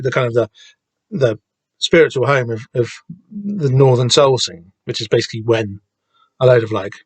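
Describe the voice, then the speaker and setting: Man, podcast host, mid-pitched voice, stop-start rambling, swears casually, dry close sound. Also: breathy edge, dry recording. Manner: hesitant, lots of restarts and casual swearing. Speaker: podcast host discussing a comic.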